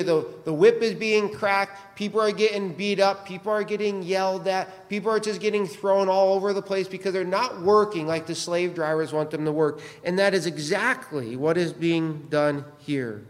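A man's voice: high-pitched, in a large hall. A man preaching a sermon as pastor, pressing his listeners with many rhetorical questions.

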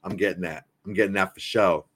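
A man's voice: deep voice, fairly even intonation, fairly quick, a bit bright, a little hiss or hum. A man co-hosting a casual sports podcast, trading crude jokes. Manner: crude, joking banter. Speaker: podcast co-host.

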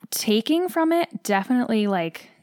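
With a slightly high, expressive, somewhat mellow voice, a young stage actress talks at a moderate pace in a casual interview chat. She is chatty, leans heavily on "like," and gets emotional.

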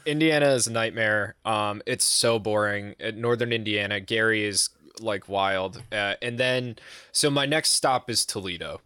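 A man's voice: fairly low pitch, moderate pace, bright, forceful tone, smooth, dry recording, studio quality. A young man co-hosting a podcast, telling a long road-trip story in casual, profane, rambling chat and mimicking the people he met. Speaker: podcast co-host.

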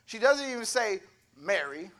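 A young man giving a sermon, humorous and animated, acting out little voices in his asides. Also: high-pitched, normal speed, gravelly. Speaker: preacher.

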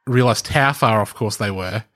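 A man's voice: lowish voice, moderate pace, fairly bright tone. A man explaining things in casual podcast chat. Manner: explanatory, thinking aloud with frequent restarts and light laughter. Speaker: podcast co-host presenting the research.

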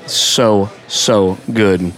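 A man's voice: fairly low pitch, steady tone, extremely slow, a bit bright. A playful man chats his way through a taco tasting. He recorded outdoors in a town. He teases his friends and calls out what they are eating. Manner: playful, jokey, narrates what others do. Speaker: co-host of a food review show. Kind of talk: casual food-tasting chat.

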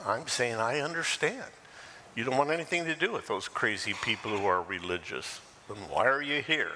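An older man preaching a sermon as pastor, lively and animated, acting out quoted voices and laughing now and then. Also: medium pitch, long reverb tail, a little hiss or hum.

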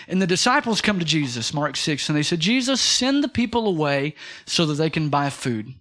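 High-voiced energetic male preacher. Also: normal speed. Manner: energetic preaching with call-and-response. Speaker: pastor. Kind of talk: sermon.

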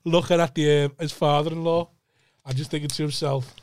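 A man's voice: a little high, fairly even intonation, fairly quick, darkish tone, dry recording, studio quality. Sweary young man telling a rambling story. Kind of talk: casual chat.

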